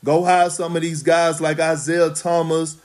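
A man talks as a retired basketball player in a loose podcast conversation. His voice sits a little high for a man. He talks slowly and emphatically, with blunt, profane phrasing. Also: flat delivery. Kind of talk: casual podcast chat.

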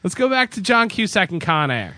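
High, bright, lively male radio host. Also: a little fast, dry recording. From Canada. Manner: teasing, playful, mock-enthusiastic. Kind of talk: bantering movie talk.

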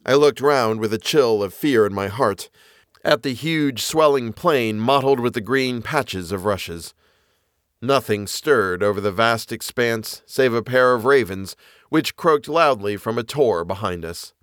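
A man narrating a classic novel as an audiobook reader, with an expressive, dramatic delivery. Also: mid-range voice, measured pace, no room sound, studio quality.

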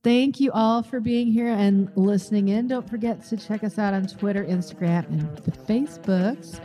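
A woman hosting a podcast in casual chat, effusive and quick to laugh. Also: mid-range voice, dark tone, faint music behind. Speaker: podcast host.

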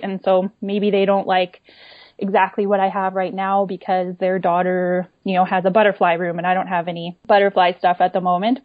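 A woman's voice: fairly low pitch, dry recording. Chatty woman on a dull, dry line. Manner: explanatory, many "you know" and "right?" tags. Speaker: guest, small online shop owner. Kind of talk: casual interview chat. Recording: dull, lo-fi dry remote audio.

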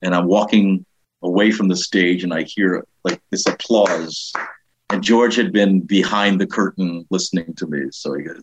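A middle-aged man, a comedian being interviewed, telling lively anecdotes and jumping up in pitch to mimic the people he quotes. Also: moderate pace, breathy edge. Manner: animated anecdotes, jumps high to act out quoted people. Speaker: comedian and author, guest. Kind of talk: casual storytelling interview. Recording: dull lo-fi sound.

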